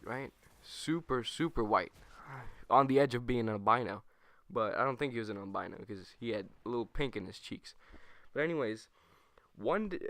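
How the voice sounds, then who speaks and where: A young man casually telling a school story over gameplay, rambling and animated, correcting himself as he goes. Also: mid-range voice, dry recording. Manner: rambling, animated, self-correcting, with quick put-on quotes. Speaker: gaming channel host.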